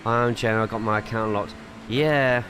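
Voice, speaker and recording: Low-voiced English man streaming sim racing. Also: fairly even intonation, unhurried, noisy background. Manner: chatty, rambling, reads viewer chat aloud between driving tips. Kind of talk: casual live-stream chat while driving.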